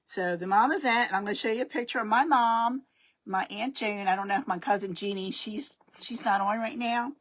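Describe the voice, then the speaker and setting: A woman's voice: mid-range voice, fairly quick, fairly bright tone. A middle-aged woman hosting her crafting livestream, chatting casually and greeting viewers by name as they join. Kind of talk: casual live-stream chat.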